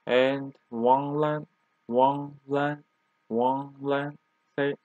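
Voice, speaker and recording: A man's voice: mid-range voice, level tone, very slow, darkish tone, dry recording. A young man, a native Turkish speaker, teaching a language lesson in English and repeating words patiently. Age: young adult. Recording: tinny phone-like audio.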